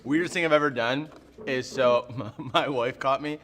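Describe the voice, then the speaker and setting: A man's voice: medium pitch, normal speed, a little hiss or hum. A young adult man, a youth pastor, laughing and joking through a casual hot-wing question game. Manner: laughs often, animated and joking.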